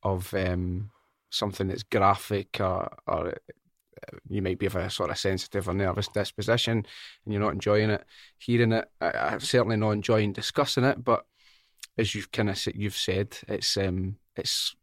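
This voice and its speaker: A man's voice: lowish voice, fairly even intonation, moderate pace, dry recording, studio quality. A man hosting a podcast interview who asks questions in a hesitant, reflective way. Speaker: podcast host.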